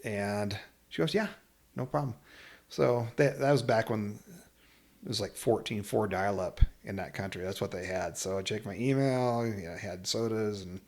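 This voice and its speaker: Casual male storyteller, slightly low voice, lively delivery with laughs and voiced quotes. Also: normal speed. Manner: animated, laughs through the story, acts out other people's lines. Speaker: podcast guest telling a travel story.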